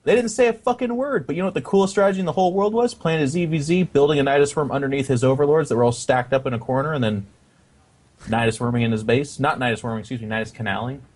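A man chatting casually about a strategy game, animated and swearing often, acting out silly voices. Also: fairly high pitch, fast. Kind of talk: casual gaming chat.

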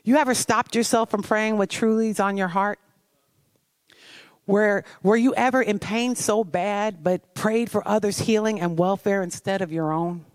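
A woman's voice: mid-range voice, fairly even intonation, moderate pace, no room sound. A woman sharing a personal testimony as a devotional message, earnest and confessional, often turning to ask the listener questions. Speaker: devotional speaker.

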